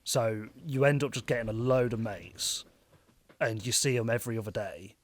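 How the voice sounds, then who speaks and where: A man's voice: mid-range voice, fairly even intonation, normal speed. A man in casual podcast chat, telling a story animatedly and laughing as he goes. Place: small room.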